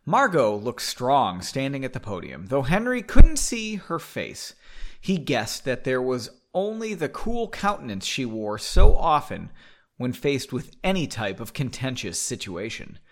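A man's voice: mid-range voice, very animated, unhurried, fairly bright tone. A man reading a story aloud casually, breaking off into playful, self-mocking asides. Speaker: story reader.

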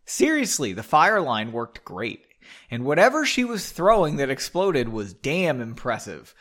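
A man's voice: mid-range voice, very animated, measured pace, fairly bright tone. A wry, gloomy young male mage, read by a man in a comedic storybook reading. He speaks offhand, with dry jokes.

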